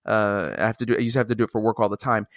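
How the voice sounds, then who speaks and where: A male podcast host telling a funny story in casual chat, animated, swearing freely and laughing along. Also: on the low side, very fast, no room sound, clean studio sound.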